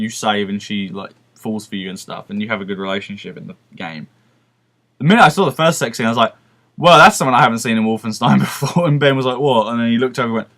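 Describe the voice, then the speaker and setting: Male game reviewer, mid-pitched, unscripted and rambling, profane, lots of restarts, laughs easily. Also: fairly bright tone. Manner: enthusiastic, laughs often.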